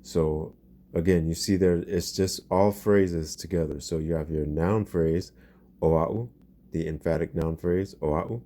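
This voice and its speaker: A man's voice: low voice, fairly even intonation, a little slow, mellow. A man teaching a grammar lesson, patiently explaining and repeating example phrases. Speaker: language teacher.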